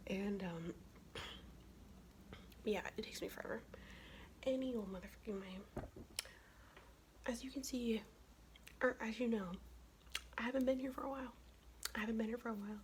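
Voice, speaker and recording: A young woman speaks in a soft whisper, chatting casually and swearing freely while getting ready in an ASMR video. She is sick, and her whisper sits at an ordinary pitch. Faint noise hums underneath. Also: fairly even intonation, moderate pace, pauses often. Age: young adult. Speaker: ASMR vlogger.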